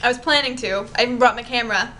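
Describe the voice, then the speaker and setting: A woman vlogging casually to camera, rambling in an exasperated, excitable way. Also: a little high, racing, background noise.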